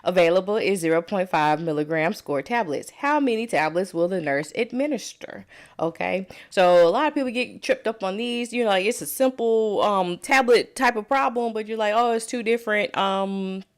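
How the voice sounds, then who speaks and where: A woman's voice: medium pitch, expressive, normal speed. A woman with a Southern US accent, a nurse tutoring students live, chatty and prone to side tangents as she walks through each step. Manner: chatty, digressive, talks step by step. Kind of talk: live dosage calculation tutorial.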